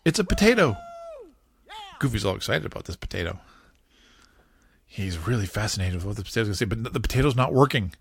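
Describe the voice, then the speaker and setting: Animated man recapping a cartoon. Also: on the low side, quick pace, creaky, long pauses, husky, dry recording. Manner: animated play-by-play retelling with chuckles. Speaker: podcast host.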